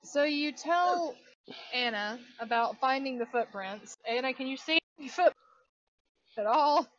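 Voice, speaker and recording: A fairly high-voiced woman serves as game master for a tabletop game, narrating and asking for rolls in an easygoing way full of "so" and "okay". The recording sounds dull and dry. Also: measured pace, no echo. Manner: relaxed, with many fillers and restarts.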